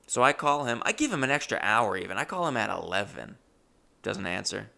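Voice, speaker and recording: A man's voice: on the low side, big pitch swings, brisk, creaky, bright, forceful tone. A young man, a comedian, telling a rambling, self-mocking story that rises to frantic bursts. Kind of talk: comic storytelling.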